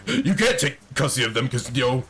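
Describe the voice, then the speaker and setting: A man's voice: mid-range voice, big pitch swings, moderate pace, fairly bright tone. Laughing young man rambling over a game. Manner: rambling, swearing, laughing often. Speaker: let's play streamer. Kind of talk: casual gameplay commentary.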